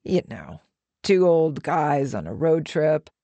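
A woman's voice: low voice, very animated, slow, warm tone, no room sound, lo-fi sound, exaggerated voice. A woman voicing an aging male film actor with easygoing, practiced charm in an audiobook reading. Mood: breezy. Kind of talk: audiobook narration.

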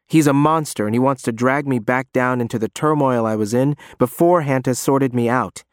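A man reading a first-person story aloud as an audiobook narrator, in a measured, tense manner. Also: medium pitch, smooth, no echo, studio quality.

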